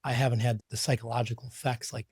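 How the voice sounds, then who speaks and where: A man with a husky voice talks hesitantly and modestly, stumbling over his first words. The sound is dry and close. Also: mid-range voice, level tone, fast, a little mellow, no echo. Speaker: podcast guest. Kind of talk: casual chat.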